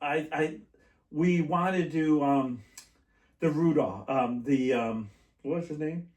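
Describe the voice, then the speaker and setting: A man's voice: fairly high pitch, takes it slowly, darkish tone. A man hosting a podcast, telling rambling stories in casual chat and laughing often. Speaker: podcast host. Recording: echoey room, mic at a distance.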